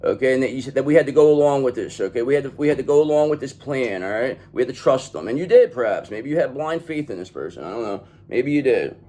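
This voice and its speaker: A man's voice: medium pitch, animated, fast, few pauses, warm tone. A man giving a tarot reading in an emphatic, profane manner, often checking in with "okay?". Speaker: tarot reader.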